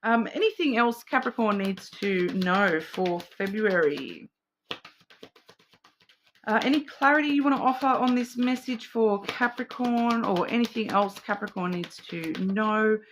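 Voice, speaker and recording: A woman's voice: mid-range voice, lively intonation, measured pace, a little hiss or hum. Rambling Australian woman reading cards. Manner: rambling, hesitant, many fillers and restarts. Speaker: card reader. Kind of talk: casual intuitive card reading.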